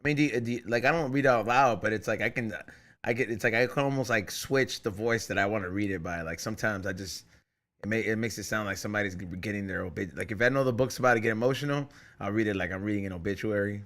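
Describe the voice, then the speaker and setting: A man's voice: lowish voice, fast, fairly bright tone. A man hosting a podcast in casual, joking, profane banter. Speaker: podcast host. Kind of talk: casual chat.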